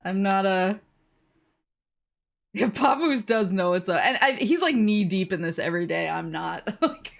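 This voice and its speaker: A woman's voice: mid-range voice, expressive, measured pace, gravelly. A young woman streamer chatting casually while playing a game, telling rambling stories and laughing often.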